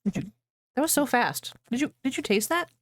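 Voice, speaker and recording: A woman's voice: sits high, lively intonation, brisk, fairly bright tone, a little hiss or hum. Bubbly rambling woman streamer. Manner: bubbly, rambling and self-deprecating. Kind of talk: casual live-stream chat. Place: home office.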